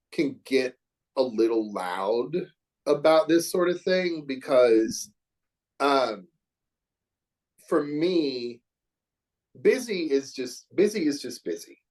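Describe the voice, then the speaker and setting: A man's voice: medium pitch, lively intonation, slow pace, a little mellow. A middle-aged man from Oklahoma, a hair educator talking as a podcast guest in an earnest, reflective, emphatic way. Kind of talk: podcast interview chat.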